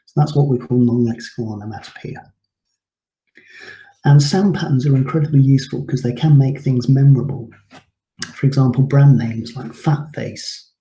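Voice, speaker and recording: A man's voice: medium pitch, moderate pace, warm tone. A man teaching a recorded English lesson, explaining terms patiently with frequent ums. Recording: echoey room.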